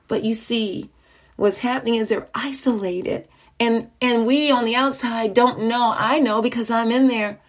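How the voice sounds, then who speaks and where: A woman's voice: on the high side, steady tone, a little slow. A woman giving an earnest testimony at church, retelling people's stories with heartfelt urgency. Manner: earnest storytelling, acting out quoted people. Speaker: church speaker. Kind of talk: testimony sermon.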